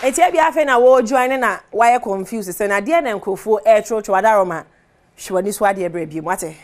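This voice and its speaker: In a TV studio, a Ghanaian-accented host gives casual entertainment commentary, talking animatedly, laughing and moving between languages. Her mid-range voice is brisk, with a faint crowd and slight background noise audible.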